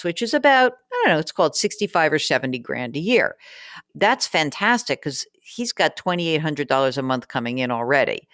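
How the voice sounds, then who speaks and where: A woman's voice: sits low, no room sound, clean studio sound. A woman hosting a personal finance podcast, talking through listener letters in a frank, chatty, teasing way. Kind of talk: casual advice talk, reading listener letters.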